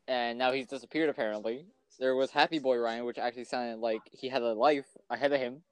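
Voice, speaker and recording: A man's voice: medium pitch, fairly even intonation, fairly quick, smooth. A young man co-hosting a casual podcast, teasing a friend with lots of laughter and stumbling restarts. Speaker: podcast co-host.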